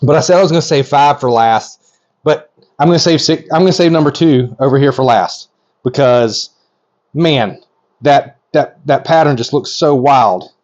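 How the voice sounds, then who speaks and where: A middle-aged man narrating a hands-on video as a reptile breeder, excited and gushing, rambling with lots of ums. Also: medium pitch, moderate pace, highs cut off.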